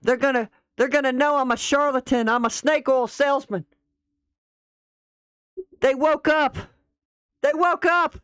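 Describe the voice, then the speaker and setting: A woman's voice: high-pitched, measured pace, long pauses, a bit bright, dry recording, voice pushed up. A woman voicing a mocking impression of a panicking man who whines that he has been exposed as a fraud. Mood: mocking panic.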